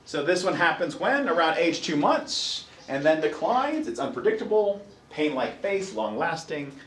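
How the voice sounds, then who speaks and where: Animated male lecturer in an echoey classroom. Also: fairly high pitch, moderate pace, distant mic, slight background noise. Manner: lively storyteller, acts out his own reactions, asks the class questions. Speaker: college psychology lecturer.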